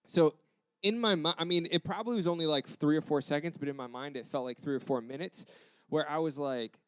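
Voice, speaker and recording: A young American man, a pastor, telling a story in a sermon with animated acted quotes. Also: a little high, a little fast, smooth, no echo. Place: church campus.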